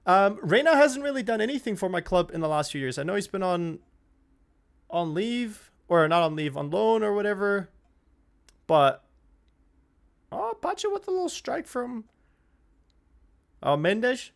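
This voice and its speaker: Excitable young man streaming football. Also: high-pitched, moderate pace, creaky, clean tone. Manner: excitable, swears freely, shouts and laughs at goals. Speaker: streamer hosting a football watch-along. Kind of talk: casual live-stream commentary.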